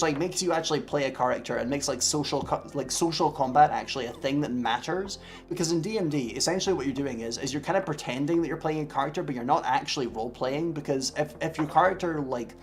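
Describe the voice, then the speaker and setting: A tired man streaming a tabletop game, rambling casually to his viewers and filling his talk with "like.". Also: a little high. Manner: rambling, filler-heavy with constant "like".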